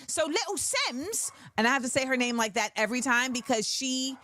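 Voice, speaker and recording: Animated high-voiced woman host. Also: quick pace, slight background noise. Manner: animated, sings snippets and reacts to chat. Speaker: talk show host. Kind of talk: casual livestream commentary.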